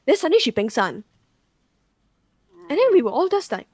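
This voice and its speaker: Her high-pitched, sing-song voice is a little mellow as this young woman tells a ghost story at normal speed. She rambles casually, saying "like" constantly and swearing, with no room sound in the recording.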